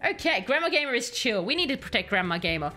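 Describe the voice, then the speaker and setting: A woman streaming a game, chatting with viewers and reading game text aloud in a chatty, animated way. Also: a little high, fast, soft background music. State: has a headache. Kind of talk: casual game commentary with chat.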